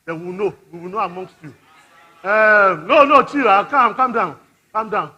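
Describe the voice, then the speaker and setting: Nigerian male conference preacher; very high, sharp tone; playful, call-and-response delivery. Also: normal speed, slightly rough. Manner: lively, teasing, calls out to the audience. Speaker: conference speaker. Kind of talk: interactive family-life sermon. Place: church conference hall.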